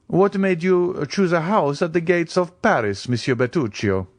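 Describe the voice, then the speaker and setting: A man's voice: on the high side, moderate pace, no echo, voice pushed up. A man voicing an offhand, commanding nobleman. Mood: nonchalant. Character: cool, wealthy nobleman buying a house.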